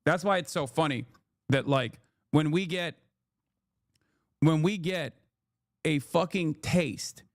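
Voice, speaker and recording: Speaking slowly with long pauses, this man has a voice on the high side, captured in a dry, studio-quality recording. He streams his reactions to a news clip as casual political commentary, cursing, sarcastic, and mimicking others mockingly when quoting them.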